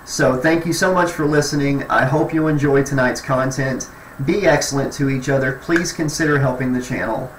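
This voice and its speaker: A man who hosts his own channel, reading a horror novel aloud in a steady, deliberate storytelling manner. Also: mid-range voice, slight background noise. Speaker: audiobook narrator and channel host. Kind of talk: audiobook narration.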